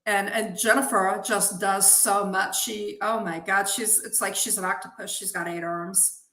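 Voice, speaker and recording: A woman's voice: medium pitch, fairly even intonation, a little slow, bright, forceful tone. A woman chatting as an interview guest, enthusiastic and full of praise for her coworkers. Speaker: guest, zine head witch. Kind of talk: casual interview chat. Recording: echoey room.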